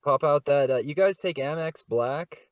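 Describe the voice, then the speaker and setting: A man's voice: on the high side, moderate pace, dry recording. A man co-hosting a podcast in improvised comedy role-play, casual and coaxing, on a close dry mic. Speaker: podcast co-host.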